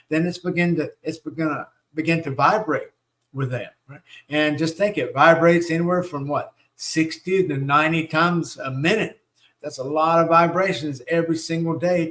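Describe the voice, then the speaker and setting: A man's voice: a little high, normal speed, a bit bright. A man hosting a live spiritual teaching. He coaxes his listeners along and checks in often with "right?" and "okay?" as he leads them through repeated affirmations. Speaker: spiritual teacher and show host.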